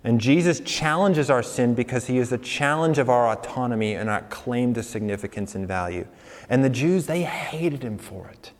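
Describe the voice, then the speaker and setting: A man's voice: mid-range voice, lively intonation, normal speed. Young man preaching casually to a congregation, talks with them, in a reverberant hall. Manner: conversational, asks the congregation questions, laughs along. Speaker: pastor. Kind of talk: sermon.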